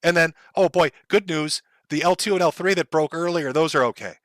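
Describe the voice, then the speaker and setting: A man's voice: on the high side, fairly bright tone, dry recording, studio quality. A middle-aged man streaming live, mocking and sarcastic as he reads through a list. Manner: mocking, sarcastic, drawn-out taunts. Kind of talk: sarcastic livestream rant.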